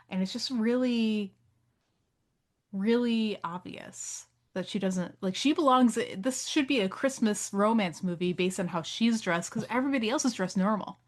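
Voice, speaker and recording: A woman co-hosting a podcast in casual chat. She recaps a film plot with animated storytelling and laughs easily. Her voice sits at a middle pitch. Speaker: podcast co-host.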